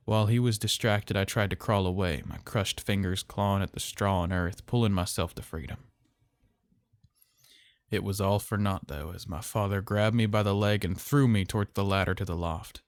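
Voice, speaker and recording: A man telling a horror story in slow, measured, somber narration. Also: lowish voice, no room sound.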